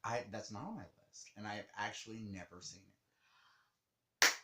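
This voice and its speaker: A man co-hosting a casual movie chat, theatrical and animated as he tells stories. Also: on the low side, normal speed, background noise. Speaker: co-host. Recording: echoey room.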